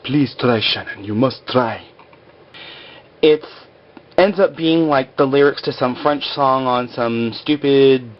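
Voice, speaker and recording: A man's voice: medium pitch, dull audio. Chatty man rambling through a recap. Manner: chatty, rambling, full of "like" and acted quotes. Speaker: episode recapper. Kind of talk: casual TV episode recap over stick-figure drawings.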